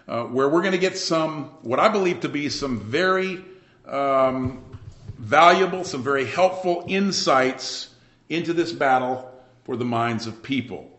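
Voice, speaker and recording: A male pastor preaches a Sunday sermon at a mid pitch, punching key phrases loudly and then dropping into quiet asides. His voice rings in an echoey church room. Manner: animated, emphatic, with sudden loud bursts and quiet asides.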